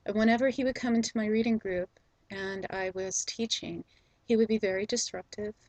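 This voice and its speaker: Husky, soft-spoken woman telling a story. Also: mid-range voice, no echo, rough recording. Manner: soft, slow and gentle with frequent ums. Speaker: spiritual video host. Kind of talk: reflective personal storytelling.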